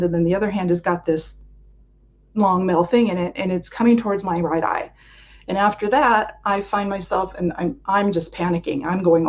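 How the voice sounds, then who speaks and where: Woman guest, mid-pitched voice, vivid storyteller who acts out her past thoughts; muffled lo-fi recording. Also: darkish tone. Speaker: interview guest. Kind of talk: recounting a personal experience in an interview. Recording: dull lo-fi sound.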